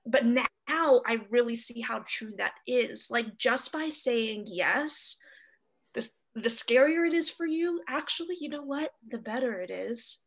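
An American woman sharing her experience as a podcast guest over a video call, animated and gasping for emphasis. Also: fairly high pitch, creaky.

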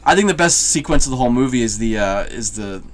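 A man's voice: mid-range voice, expressive, quick pace. A man co-hosting a casual movie review chat, rambling, laughing easily and trailing off mid-sentence. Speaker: podcast co-host reviewing a movie.

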